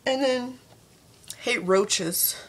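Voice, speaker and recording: A young woman vlogger ranting casually to camera about her pet peeves, chatty, with sudden jumps up in pitch. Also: drawn-out words, a bit bright.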